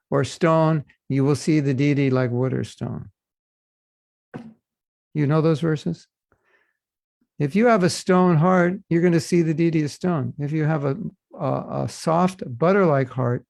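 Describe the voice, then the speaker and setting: A man's voice: fairly high pitch, vocal fry, a little mellow, no room sound, clean studio sound. A man teaching a devotional class, earnest and addressing listeners with rhetorical questions. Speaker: spiritual teacher.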